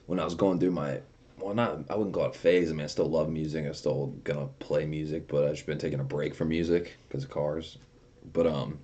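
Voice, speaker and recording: A man's voice: very deep voice, darkish tone, breathy edge, dull audio. A young man casually chatting on a livestream, reading viewer comments aloud and telling profane stories with frequent laughter. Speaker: streamer.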